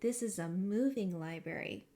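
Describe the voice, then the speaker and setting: A woman reading aloud, voicing a kind male traveling librarian who brings books by donkey, in a gentle, welcoming manner. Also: high voice, normal speed.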